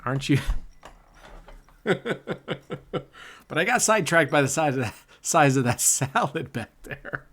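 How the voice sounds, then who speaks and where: This middle-aged man narrates his casino session live as a vlogger, keeping things relaxed and jokey, often laughing and reacting to each spin with cheers or groans. He speaks a touch slowly in a fairly high, expressive, somewhat bright voice.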